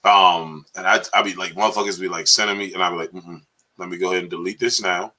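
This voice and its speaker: Man with a bright, forceful voice. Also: sits low, quick pace. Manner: profane, animated storytelling with laughter. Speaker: podcast co-host. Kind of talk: casual comedic banter.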